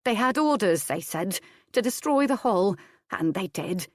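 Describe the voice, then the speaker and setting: A woman reading the part of an outraged, sharp-tongued female servant in an audiobook. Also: medium pitch, animated, unhurried, no echo, studio quality. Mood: bitter. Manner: sharp, scolding.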